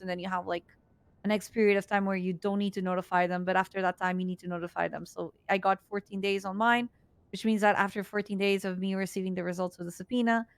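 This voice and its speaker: A woman's voice: medium pitch, clean tone, no room sound. A woman role-playing a police officer, patiently explaining procedure step by step with fillers. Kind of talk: in-character role-play explanation.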